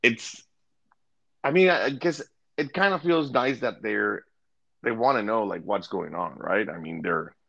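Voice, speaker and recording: Low gravelly guy co-hosting a podcast, easygoing, dull dry lo-fi sound. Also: lively intonation, unhurried, fairly bright tone, no room sound. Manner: easygoing, hesitant with ums. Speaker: podcast co-host. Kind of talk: casual chat.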